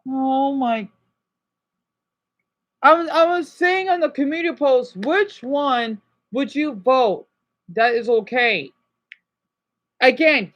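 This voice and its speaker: A man's voice: very high-pitched, a bit bright. A man ranting at his livestream chat, agitated and exasperated, scolding and sighing with tiredness.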